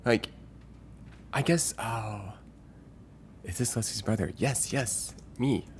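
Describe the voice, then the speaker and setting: A man with a very low voice chats casually on a live stream, musing aloud and rambling through filler words. He reads viewers' messages out loud as he goes. Faint noise sits under his voice. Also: slow.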